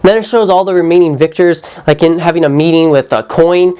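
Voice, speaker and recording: Brief: young male vlogger, casual and animated, slangy review rant. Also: on the high side, fairly quick, smooth. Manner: animated, slangy, lots of "like" and mock quotes. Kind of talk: casual movie review vlog.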